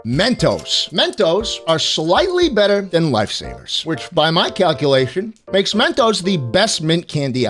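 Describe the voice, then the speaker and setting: A man hosting comedic candy-ranking commentary from his home setup, crude and sarcastic, swearing freely with mock-outraged deadpan jokes. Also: high voice, moderate pace, soft background music. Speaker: host.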